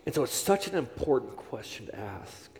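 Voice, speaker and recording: A man's voice: mid-range voice, sing-song, moderate pace, slight background noise. A man preaching a sermon in a church, repeating his phrases for emphasis. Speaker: pastor. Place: church sanctuary. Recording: long reverb of a large hall.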